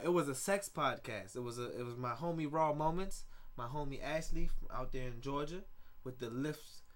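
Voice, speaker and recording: A man's voice: on the high side, a bit bright. A man hosting a solo podcast in rambling, jokey casual chat, laughing often and tripping over repeated words. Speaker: podcast host.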